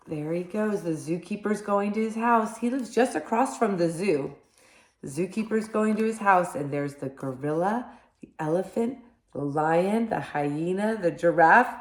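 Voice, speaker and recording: A woman reads a picture book aloud to small children as their teacher. She speaks slowly in a somewhat low voice and keeps pausing to ask the children questions. The room gives her voice a noticeable echo. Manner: gentle, animated, talks to children and asks them questions. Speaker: kindergarten teacher reading aloud. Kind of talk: children's storybook read-aloud. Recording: echoey room.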